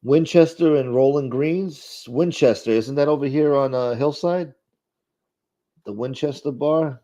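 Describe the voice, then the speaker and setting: A man's voice: medium pitch, dark tone. A middle-aged man hosting a live stream, chatting casually and profanely as he reacts to viewer comments. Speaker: live stream host reading chat. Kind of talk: casual chat. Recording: dull lo-fi audio.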